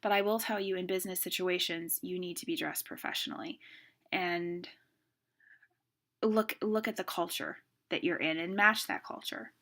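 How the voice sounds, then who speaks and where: A middle-aged woman teaching a class on speaking, brisk and emphatic, demonstrating stress and pauses as she goes. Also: fairly low pitch, fairly even intonation, a bit bright. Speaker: speech instructor. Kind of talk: classroom lecture.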